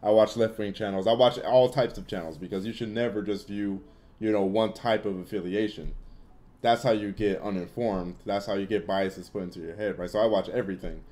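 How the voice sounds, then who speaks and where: A man's voice: fairly low pitch, steady tone, brisk, warm tone. A young man hosting a casual gaming Q&A livestream, giving blunt opinions in loose, filler-heavy talk. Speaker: livestream host answering chat.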